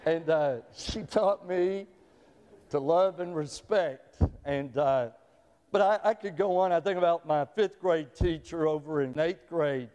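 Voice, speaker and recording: A man's voice: fairly high pitch, a little slow, a little mellow. A middle-aged man preaching a sermon as pastor, telling folksy stories and often repeating his words. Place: church sanctuary. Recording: long reverb of a large hall.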